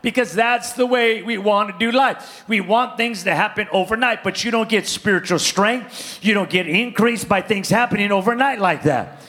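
Bright high-voiced preaching man. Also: moderate pace. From California, US. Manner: animated, playful, calls out to congregation. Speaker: pastor. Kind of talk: sermon with comic storytelling.

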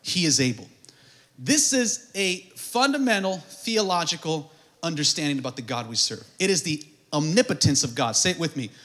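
A man preaching a sermon, calling on the congregation to answer back and building up to shouted, fervent peaks. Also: fairly high pitch, very animated, normal speed. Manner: call-and-response preaching, builds to shouted climaxes; acts out prayers in a mumbled comic voice. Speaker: pastor.

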